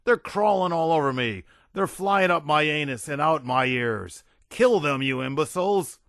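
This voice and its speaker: A man's voice: on the high side, lively intonation, normal speed, vocal fry, fairly bright tone, no room sound, studio quality, pitched above the performer's own voice. A man voicing a blustering, raving army general who bellows and rants. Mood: frantic. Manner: bellowing, ranting, unhinged.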